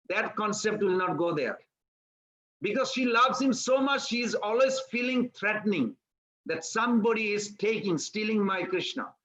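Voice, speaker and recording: A man giving a devotional sermon, telling a story in an animated way and acting out its characters. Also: high voice, moderate pace, low-quality recording. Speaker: preacher.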